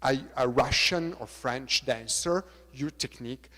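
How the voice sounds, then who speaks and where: A middle-aged man with an Italian accent, a choreographer lecturing on dance technique, halting and repeating words, counting beats aloud. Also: mid-range voice, a bit bright. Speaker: choreographer giving a talk. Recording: reverberant lecture hall.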